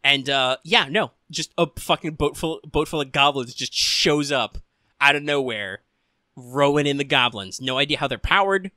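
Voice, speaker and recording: Bright-voiced young man, casual and profane. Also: on the high side, normal speed, dry recording. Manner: rambling, swears a lot, deadpan quotes. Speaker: podcast co-host. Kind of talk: casual anime discussion.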